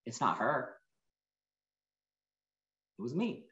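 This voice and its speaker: A man in his forties gives an earnest, emotional motivational talk, telling personal stories with reflective pauses. His mid-range voice is sing-song, pushed and bright. The recording sounds roomy and lo-fi.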